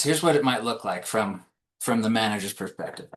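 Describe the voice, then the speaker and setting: A man's voice: lowish voice, expressive, fairly quick, fairly bright tone. Casual man presenting a webinar. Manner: casual, with frequent restarts and acted-out quotes. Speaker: compensation consultant presenting a webinar.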